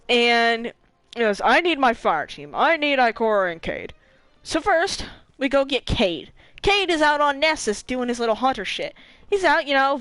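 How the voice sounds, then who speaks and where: Animated young woman streamer, dry close sound. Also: fairly high pitch, smooth, no room sound. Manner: animated, swearing, laughing asides. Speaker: gaming streamer. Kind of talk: casual story recap.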